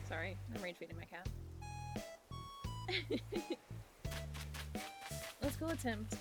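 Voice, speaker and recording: A woman's voice: mid-range voice, big pitch swings, takes it slowly, long pauses. A woman livestreaming, chatting casually with her viewers as she plays, giggling often and swearing offhandedly. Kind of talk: casual chat while playing a game. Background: game music.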